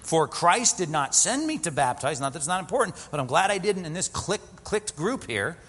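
Lively man preaching in a reverberant hall. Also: fairly high pitch, normal speed, husky. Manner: conversational, self-deprecating humor with rhetorical questions. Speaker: pastor. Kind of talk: sermon.

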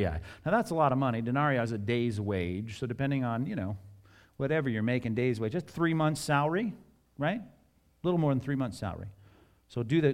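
A middle-aged man preaching a sermon in an animated, conversational way, with jokes and asides and acted-out scripture dialogue. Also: medium pitch. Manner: acts out scripture dialogue in varied voices. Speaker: pastor.

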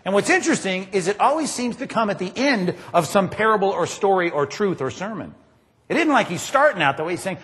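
A man preaching a sermon, emphatic and animated, often asking his congregation rhetorical questions. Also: high voice, brisk, long reverb tail. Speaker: pastor.

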